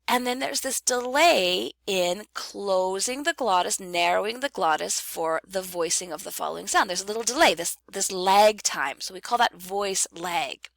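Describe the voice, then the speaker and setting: A woman's voice: medium pitch, gravelly, fairly bright tone, dry recording. A woman teaching phonetics in a recorded online lecture, explaining patiently and repeating key terms for emphasis. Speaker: phonetics instructor.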